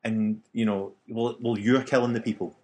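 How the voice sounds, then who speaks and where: A man's voice: fairly low pitch, steady tone, moderate pace, darkish tone. A man, co-hosting a casual podcast chat and rambling through his opinions with lots of restarts. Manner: chatty, rambling, frequent restarts and fillers. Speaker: podcast co-host. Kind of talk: casual chat about video games.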